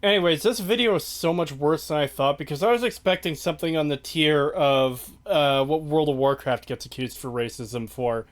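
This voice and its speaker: A man's voice: on the high side, normal speed, hardly any pauses. A man hosting a casual stream chat, sarcastic and rambling. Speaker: stream host.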